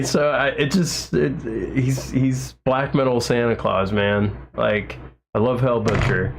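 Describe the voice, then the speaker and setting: A man's voice: mid-range voice, flat delivery, slow pace, vocal fry, a little hiss or hum. A man talking straight to his livestream audience in a loose, casual way. He rambles, trips over restarts and fills gaps with ums and likes. His enthusiasm keeps spilling over as he gushes. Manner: rambling, many fillers and restarts; enthusiastic, gushing. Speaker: livestream host.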